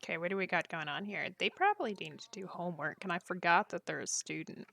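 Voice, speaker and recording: A woman with a fairly low, creaky, bright and forceful voice talks fast while gaming on a live stream. Giggly and jokey, she chats casually with her viewers and laughs frequently between jokes.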